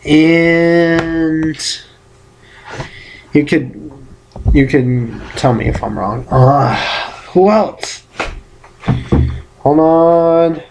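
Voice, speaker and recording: Man, casual vlog, unhurried delivery, rambling, self-correcting, playful outbursts. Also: fairly high pitch, darkish tone, slight background noise. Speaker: vlogger giving football predictions.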